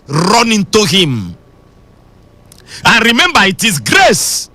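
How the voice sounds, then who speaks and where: Bright, lively preacher man. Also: high-pitched, slow, no room sound. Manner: emphatic preaching that swings between shouting and sing-song. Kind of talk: radio sermon.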